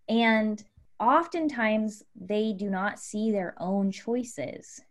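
A woman life coach explaining ideas to her guests with lively examples. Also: a little high, slow pace. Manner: animated, teaching with examples.

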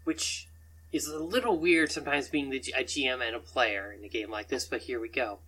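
Game master, rambling narration, chuckling often, bright tone, slightly husky. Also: medium pitch, brisk, rough recording.

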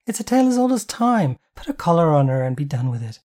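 A narrator voicing a brash, foul-mouthed, bossy woman who teases her sister, in a higher, mellow voice. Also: very animated, fast. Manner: loud, bossy and swearing.

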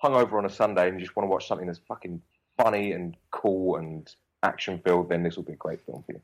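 A man's voice: low voice, fairly even intonation, quick pace, rough recording. A young man with a Cockney accent, an actor chatting as an interview guest, rambling and swearing freely. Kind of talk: casual interview chat.

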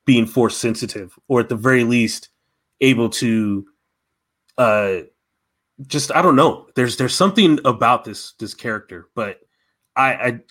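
A man's voice: mid-range voice, a bit bright. A man co-hosting a casual fan chat, talking enthusiastically and rambling with many restarts.

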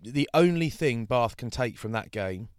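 A man's voice: medium pitch, expressive, a little slow, clean tone, dry recording, studio quality. A man chatting casually on a podcast, rambling through a story and mimicking the people who tease him. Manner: chatty, rambling, does mocking voices for hecklers. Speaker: rugby broadcaster and podcast co-host. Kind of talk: casual chat.

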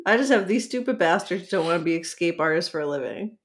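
Sarcastic woman co-host, lively. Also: on the low side, fast, a crowd in the background. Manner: laughing, sarcastic asides. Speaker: podcast co-host. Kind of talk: casual comedic recap chat.

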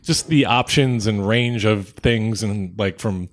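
A young man co-hosting a casual podcast, rambling in a relaxed way and laughing often. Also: lowish voice, takes it slowly. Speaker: podcast co-host.

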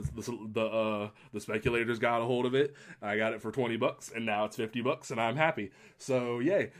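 A man hosting a casual podcast chat, talking in an excitable, rambling way with lots of restarts. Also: on the low side. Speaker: podcast host.

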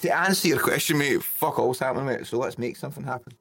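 A man's voice: medium pitch, fast, a bit bright, slightly rough, soft background music. A Scottish man hosting a podcast, joking and swearing in casual banter with his mates. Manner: swearing, joking, bursts of laughter. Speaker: podcast host.

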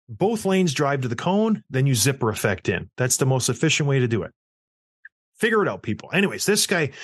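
Animated ranting man, lively pitch. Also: no room sound, studio quality. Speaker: podcast co-host. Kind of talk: casual hockey talk podcast.

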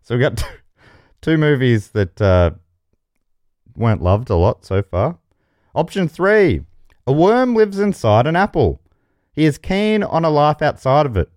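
Lively jokey male game show host. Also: fairly high pitch, a little slow, pauses often, no echo, clean studio sound. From Australia. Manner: jokey, chuckles mid-sentence. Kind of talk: comedy podcast banter, reading quiz options.

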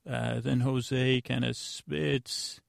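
A man hosting a podcast, giving a rambling, deadpan comedic recap of an episode with lots of fillers and restarts. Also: medium pitch, extremely slow, gravelly, no room sound, studio quality. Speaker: podcast host.

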